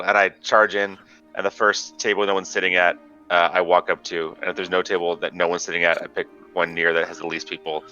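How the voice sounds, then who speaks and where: A man's voice: low voice, flat delivery, pushed and bright, clean tone, no room sound, lo-fi sound, faint music behind. A man playing a tabletop game, describing his character's actions and snapping out orders in character. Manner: brisk and commanding when in character. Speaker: player. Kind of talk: tabletop role-play, half narrating, half in character.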